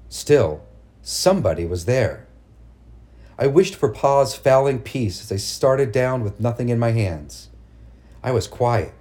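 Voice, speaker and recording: A man reading a first-person story aloud as narrator, in a measured, hushed storytelling manner. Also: medium pitch. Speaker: audiobook narrator.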